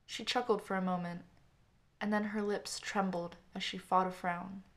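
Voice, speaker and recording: A woman reading a story aloud in a soft, earnest narration. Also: medium pitch, flat delivery, moderate pace. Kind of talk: scripted audiobook narration.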